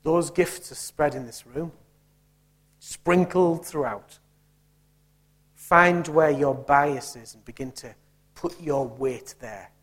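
Male preacher, slightly high voice, rhetorical and emphatic sermon delivery. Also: takes it slowly, long pauses, fairly bright tone. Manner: emphatic, punchy, rhetorical questions.

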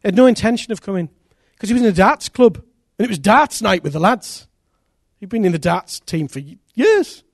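High-voiced man preaching. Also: a little fast, no room sound, studio quality. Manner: animated, acts out quoted voices, repeats phrases. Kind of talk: sermon storytelling.

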